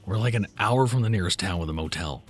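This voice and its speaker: A man voicing a pragmatic young man in a horror story, speaking low and measured. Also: slightly rough, soft background music. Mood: reasoning.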